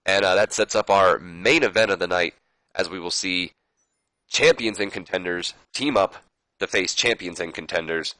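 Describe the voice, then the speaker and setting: A man's voice: deep voice, moderate pace, bright, forceful tone, no room sound, poor audio. A young man casually commenting on his wrestling sim playthrough in a rambling, self-deprecating way. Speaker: gaming video host.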